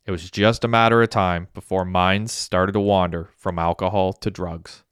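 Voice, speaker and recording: Low smooth guy reading an audiobook, steady, dry close sound. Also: moderate pace, dry recording. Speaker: audiobook narrator. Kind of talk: scripted narration.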